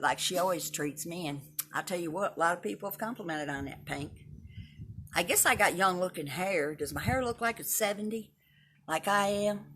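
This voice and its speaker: A woman of seventy from Texas hosts a casual livestream and talks straight to her viewers, blunt and opinionated, with a swear word here and there. Her voice is bright and forceful while sitting fairly low for a woman. A faint hum of ambience runs behind her. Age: 70s. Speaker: livestream host. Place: at home and in her yard.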